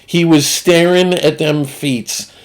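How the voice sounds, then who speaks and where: A man's voice: a little high, fairly even intonation, takes it slowly. A man with a Northeastern US accent telling a crude comic story in a rambling, self-interrupting way. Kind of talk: casual comedic storytelling.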